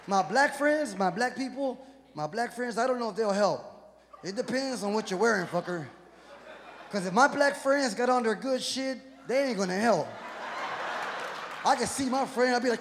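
A man's voice: extremely high pitch, moderate pace. A male stand-up comedian from Houston, Texas, talking profanely and acting out voices on stage. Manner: profane, animated, acts out voices. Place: live comedy venue with audience. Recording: echoey hall with crowd noise.

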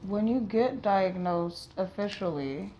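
A woman's voice: medium pitch, lively intonation, slow pace, mellow, dull audio. A woman in the salon chair, adding short agreeing replies from off-mic during a casual chat. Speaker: salon client.

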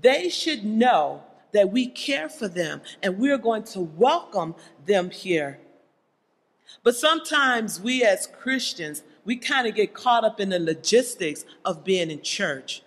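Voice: medium pitch, sing-song, slow pace, a bit bright. A preacher delivering a sermon to a congregation, pressing the listeners with pointed rhetorical questions. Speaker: church speaker. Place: church sanctuary. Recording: long hall reverb in a church.

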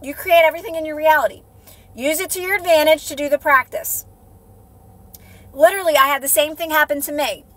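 A woman's voice: sits high, fairly quick, long pauses, fairly bright tone. A woman coaching her viewers on a casual live stream, earnest and repetitive, often checking in with "right?". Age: adult with a child. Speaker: manifestation coach. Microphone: phone.

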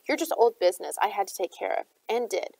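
A cold outlaw boss who barks curt orders and turns sarcastic, read by a woman in a storybook voice. The voice has a gravelly edge to it, and it sounds dry and close to the mic. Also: mid-range voice, lively intonation, quick pace, darkish tone, no room sound, recorded from a distance, low-quality recording. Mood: harsh. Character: gruff adult male outlaw leader, cold and harsh.

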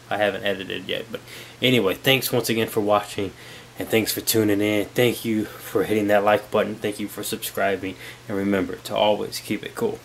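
A young man, sick and losing his voice, chats casually to camera in a lowish register. He rambles a little and fills pauses with ums. Steady background noise sits under the recording. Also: creaky. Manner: low-key, rambling with fillers. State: sick, voice almost gone. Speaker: vlogger. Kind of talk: casual vlog chat.

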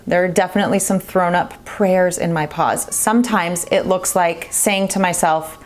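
A woman's voice: on the low side, steady tone, normal speed, hardly any pauses. A woman in her thirties giving earnest parenting advice straight to camera, stressing her points by repeating them. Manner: earnest, emphatic, repeats key phrases. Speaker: parenting vlogger. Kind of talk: direct-to-camera advice talk.

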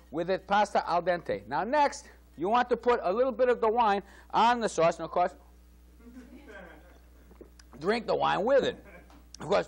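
A man voicing a hammy male TV chef who puts on a phony Italian accent and chats boastfully through a spoof cooking segment. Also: high voice. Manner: chatty, boastful, laughing at his own jokes.

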